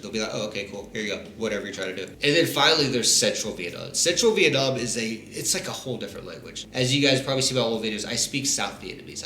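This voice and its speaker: A man talks casually to his viewers in a bright, forward voice, loose and informal, with a laugh now and then. The room is echoey, with faint ambience behind him. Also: mid-range voice, slight background noise. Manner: chatty, laughs between points, loose and informal. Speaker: travel vlogger. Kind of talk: casual talk to camera. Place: living in Vietnam.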